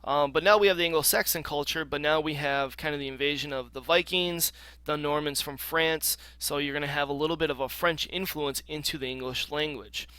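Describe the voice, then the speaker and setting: A man teaching a recorded geography lecture in a casual, explaining way, with frequent ums and throat clearing. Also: on the high side, pushed and bright, no room sound.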